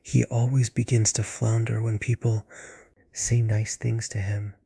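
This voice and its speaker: A man voicing a vain, doting aging actress in a breathy whispered role-play. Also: fairly low pitch, little pitch movement, a little slow, warm tone, no room sound, exaggerated voice.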